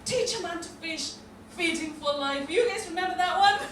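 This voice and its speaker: A woman from Africa performing a stand-up comedy set, laughing often as she lands animated punchlines. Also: extremely high pitch, normal speed, noisy background. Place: comedy club stage. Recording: echoey club from a distance. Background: audience laughter.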